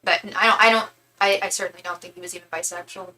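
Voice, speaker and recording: A woman's voice: fairly low pitch, steady tone, quick pace, pushed and bright, poor audio. A young woman hosting a livestream, chatting casually with viewers in a gushing way, full of fillers and restarts. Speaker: tarot reader and psychic livestream host. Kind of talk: casual livestream chat reading comments.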